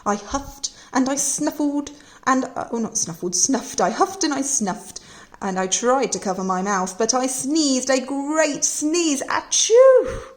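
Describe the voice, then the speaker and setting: A woman's voice: high-pitched, lively intonation, measured pace, pitched above the performer's own voice. Storybook wolf, male, sly and self-pitying, read by a woman; chatty, aggrieved narration.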